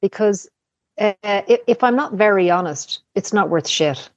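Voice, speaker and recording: A woman speaking as a podcast guest in casual chat, candid and searching for words, pausing and restarting. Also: mid-range voice, animated, dry recording.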